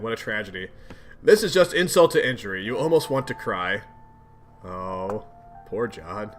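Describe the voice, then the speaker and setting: A man reading a webcomic aloud and commenting in a chatty, animated way, reacting with surprise. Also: on the low side. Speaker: webcomic reader and host. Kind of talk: casual read-aloud commentary.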